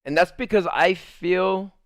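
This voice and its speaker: A man's voice: high voice, a little slow, no room sound, clean studio sound. A man telling a story in a casual, profane way, acting out his own lines and the other person's lines as he goes and laughing easily. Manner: swears a lot, tells the story with lively re-enacted quotes. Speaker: streamer.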